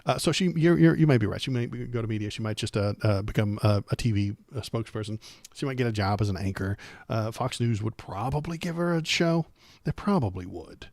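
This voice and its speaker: A man with a fairly low voice hosts a political livestream, recorded close and dry. He rambles sarcastically, stumbling over restarts and fillers as he riffs. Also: fairly quick, a little mellow, dry recording. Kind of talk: casual political commentary.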